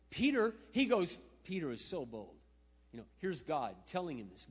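A man preaching a sermon as a pastor, swinging between hushed, tender passages and loud, impassioned outbursts. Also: fairly high pitch, big pitch swings, quick pace, breathy edge. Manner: emotional, swings from hushed to shouting. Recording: muffled, with a long hall echo.

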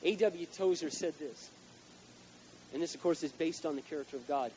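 A man preaching a sermon as pastor, telling a long personal story and rising to loud, emphatic peaks. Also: fairly high pitch, moderate pace, long pauses, lo-fi sound, a little hiss or hum.

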